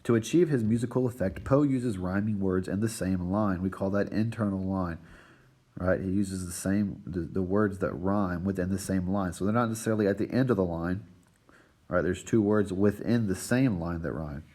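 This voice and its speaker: A man with a low, slightly husky voice walks his students through a recorded lesson. He lectures steadily and keeps tagging his points with "right?" and "all right." The tone is that of a teacher explaining material step by step. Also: moderate pace, mellow. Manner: checks in with a constant "right?" and "all right".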